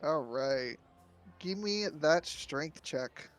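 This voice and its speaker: A man running a tabletop game as game master, relaxed and often laughing. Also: on the high side, extremely slow, music in the background.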